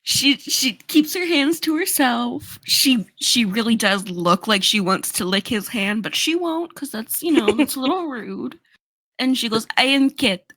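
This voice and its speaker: A woman's voice: a little high, animated, unhurried, few pauses, a bit bright, no room sound, poor audio. A woman playing an aloof catlike Kit. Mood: playful.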